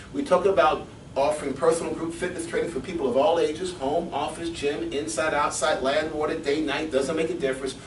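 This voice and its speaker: A middle-aged man, a fitness coach, telling personal stories in a seminar talk with animated delivery and frequent chuckles. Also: on the high side, a little hiss or hum. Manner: animated storyteller, chuckles often. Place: seminar room. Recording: echoey room from far off.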